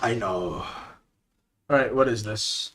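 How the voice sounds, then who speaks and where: A man livestreaming his reactions to videos, excitable and quick to laugh and swear. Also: lowish voice, background noise.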